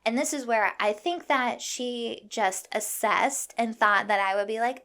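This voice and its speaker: A young woman from Iowa hosting a podcast, telling a story in a fired-up, profane, animated way. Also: a little high, moderate pace, few pauses, clear, resonant tone. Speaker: podcast host. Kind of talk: casual storytelling monologue.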